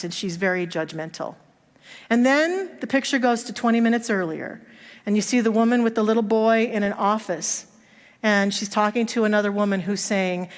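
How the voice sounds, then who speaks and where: A woman minister delivers a sermon in a church sanctuary, telling stories and acting out the voices of the people in them. Her mid-range voice moves at a moderate pace, with church hall reverb on the recording.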